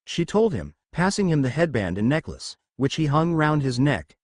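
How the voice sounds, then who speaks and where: A man narrating a fan fiction story in a steady storytelling voice. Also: a little high, normal speed, hardly any pauses, no echo, clean studio sound.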